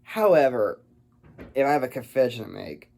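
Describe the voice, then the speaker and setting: A man's voice: mid-range voice, big pitch swings, moderate pace, vocal fry, dark tone. A man giving a casual film review, rambling and stumbling over his words.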